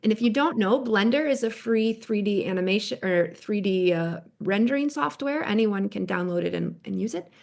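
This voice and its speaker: Woman podcast host, chatty and animated, mid-range voice, laughs easily. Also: medium pitch, moderate pace, creaky, few pauses. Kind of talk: casual chat.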